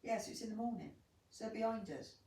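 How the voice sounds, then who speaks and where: A woman chatting from behind the camera in a lounge at home, reading out viewer comments in a brisk, teasing way. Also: a little high, expressive, mellow. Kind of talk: casual live-stream chat. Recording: echoey room, voice from off-mic.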